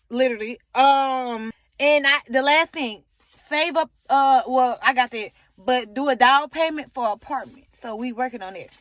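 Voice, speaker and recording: Sitting in her car, a young woman vlogs straight to her viewers in a casual, chatty, openly emotional way. Her voice is high-pitched and a bit bright, and the recording is dry.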